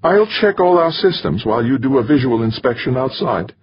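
A man's voice: mid-range voice, very animated, a little fast, muffled recording, a crowd in the background, pitched above the performer's own voice, lightly acted. A man voicing a timid, shaken male scientist who talks in a hesitant, quavering voice. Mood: shaken, pleading.

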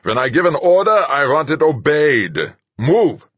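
A man's voice: on the high side, sing-song, measured pace, fairly bright tone, slightly rough, no room sound, voice pushed up, heavily acted. A man reading a story, voicing a harsh ship captain who snaps out orders. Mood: angry. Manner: barking, snapping orders.

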